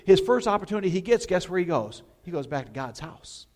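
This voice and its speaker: A man preaching a sermon as pastor, telling the story in an animated way and putting questions to the congregation. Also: sits high, fairly quick.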